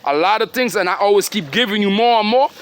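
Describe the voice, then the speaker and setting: High-voiced middle-aged man preaching in slang. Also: expressive, fast, fairly bright tone, smooth. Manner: preachy, repeatedly calling listeners "dog", with slangy questions. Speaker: father addressing his children and followers. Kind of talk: rambling streetwise monologue.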